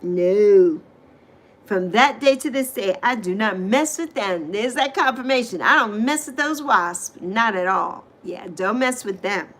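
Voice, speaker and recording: This middle-aged host from the U.S. Virgin Islands is animated yet unhurried, her medium-pitched voice fairly bright in tone. On her casual livestream she chats lively and meets viewer comments with emphatic exclamations.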